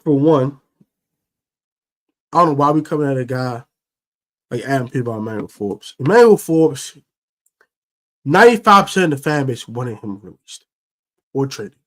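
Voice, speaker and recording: A man hosting a fan sports show, ranting in a casual, slangy, animated way about his team. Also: medium pitch, normal speed, long pauses. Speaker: sports podcast host. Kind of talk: casual fan commentary rant.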